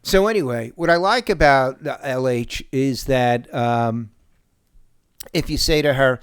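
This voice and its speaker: A man, telling stories in a casual podcast chat, profane and animated. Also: medium pitch, unhurried, clean tone, no room sound, clean studio sound. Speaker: podcast host.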